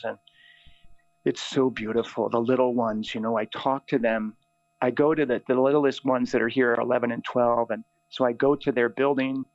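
Middle-aged man, a priest, chatty, animated storyteller; dry, muffled recording. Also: medium pitch, no echo. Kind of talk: storytelling in conversation. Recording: dull, dry lo-fi sound.

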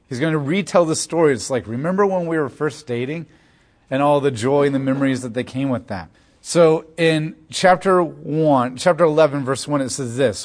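Casual-sounding man teaching scripture. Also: medium pitch. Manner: reads scripture aloud, then paraphrases it in casual everyday terms. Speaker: Bible teacher. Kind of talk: verse-by-verse Bible teaching.

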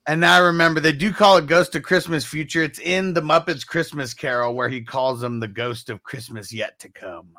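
A man's voice: a little high, fairly quick, hardly any pauses, sharp tone, dry recording. A man co-hosting a podcast, chatting casually and hesitantly about when he will play a clip. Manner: hesitant, filler-heavy. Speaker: podcast co-host.

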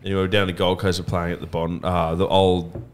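A man's voice: deep voice, level tone, brisk, slight background noise. A man co-hosting a podcast, joking bluntly and swearing freely. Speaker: podcast co-host. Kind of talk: casual banter.

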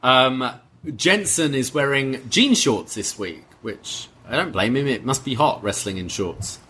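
Man, podcast co-host, casual wrestling recap, bright tone, slightly husky. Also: medium pitch, unhurried. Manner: relaxed, dry, filler-heavy play-by-play.

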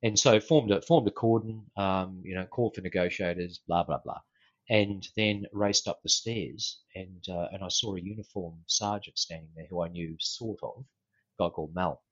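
An Australian man who used to be a police officer tells a story in a casual interview, speaking unhurriedly with plenty of fillers and restarts. His voice sits low, and the lo-fi recording has no room sound.

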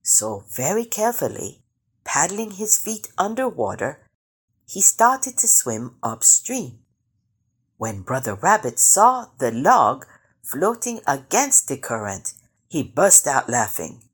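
A woman reading a children's picture book aloud, slow and expressive. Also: low-pitched, breathy edge. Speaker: storyteller.

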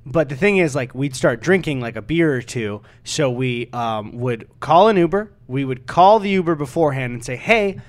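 A man's voice: medium pitch, lively intonation, normal speed, few pauses. A man co-hosting a podcast, telling a story in a casual, rambling way, full of fillers and swearing. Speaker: podcast co-host.

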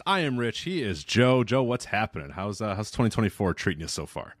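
Relaxed male podcast co-host, casual and chatty, very dry close-mic sound. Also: fairly low pitch, brisk, few pauses, dry recording, faint music behind. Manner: laid-back, laughs easily, restarts often. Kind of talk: casual chat.

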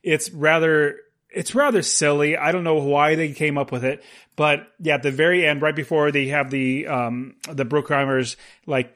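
A man's voice: on the high side, fairly bright tone. A man co-hosting a casual film chat, rambling and full of fillers. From United States. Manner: rambling, with frequent fillers and laughs. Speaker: podcast co-host discussing films.

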